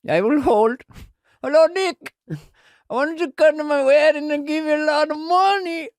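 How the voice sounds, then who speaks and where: Brief: eager, polite Indian-accented phone caller, put on by a man, pitched up high, sing-song. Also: moderate pace, no room sound, clean studio sound. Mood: eager, formal.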